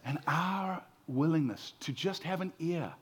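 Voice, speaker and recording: A man's voice: a little high, measured pace, slightly rough. A man in his forties preaching a sermon as the pastor, telling stories in a conversational way and often repeating his first words. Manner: conversational storytelling, repeats words when starting.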